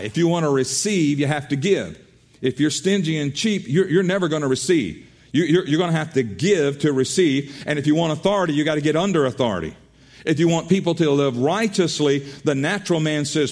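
A man preaching a sermon as pastor, earnest, often repeating and restarting his words. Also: fairly high pitch.

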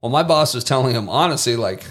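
A man guest on a podcast, telling lively anecdotes in a casual way, mimicking people and swearing now and then. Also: medium pitch, fast talker. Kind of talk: casual storytelling.

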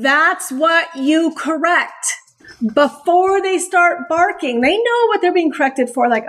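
A woman giving a blunt, animated talk as a dog trainer hosting a show, laughing often. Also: high-pitched, measured pace. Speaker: dog trainer and podcast host. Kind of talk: instructional talk.

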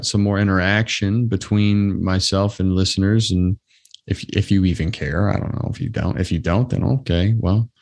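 Speaking in a lowish voice with a darkish tone, this man hosts his own podcast solo. He rambles loosely and casually, filling the chat with fillers.

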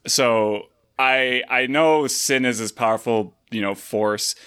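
Give me an easygoing man on a podcast panel who laughs at his own jokes. His voice is mid-pitched, bright and forceful. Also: slow, smooth. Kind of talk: casual panel chat.

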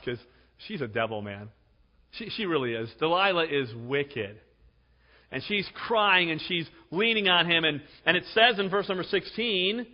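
A man in his forties preaching a sermon as pastor, chatty and jokey, often tagging "right?". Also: on the high side. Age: 40s. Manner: conversational, jokey, repeats "right?". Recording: dull sound with long hall reverb.

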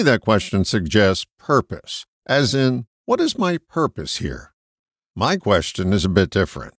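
A man reading a short reflective essay in a measured, emphatic way. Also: low voice, dry recording, clean studio sound. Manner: measured, emphatic, lively intonation. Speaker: host of a short reflective segment. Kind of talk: read personal essay.

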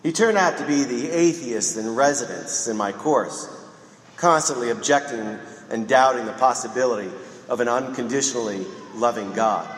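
A man, a priest, preaching a sermon in a measured, reflective way with pauses. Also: mid-range voice. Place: church. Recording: roomy echo in a large church.

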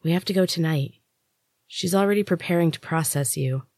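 Woman doing a secretive servant girl, talks fast and low, dry close sound. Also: expressive, dry recording. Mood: hushed. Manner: hushed and hurried. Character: young female servant, secretive, urgent, warning.

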